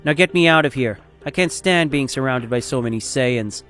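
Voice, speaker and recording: A man's voice: mid-range voice, normal speed, fairly bright tone, faint music behind, lightly acted. A man voicing an arrogant, scheming male alien tyrant who speaks with contempt and gives orders. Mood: scornful. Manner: contemptuous, commanding.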